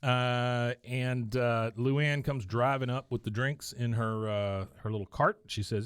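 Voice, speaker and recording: A man's voice: medium pitch, fairly even intonation, measured pace, hardly any pauses, clean tone, dry recording, clean studio sound. A man co-hosting a podcast, recapping a cartoon episode in casual chat and reading out lines with a laugh. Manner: laughs often, reads quotes in lightly changed voices.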